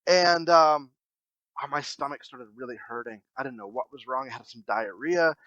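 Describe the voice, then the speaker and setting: A man co-hosting a podcast, telling a story about himself in an animated, self-mocking way and laughing along. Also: medium pitch, moderate pace, no echo, dull audio. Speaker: podcast co-host. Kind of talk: casual comedic chat.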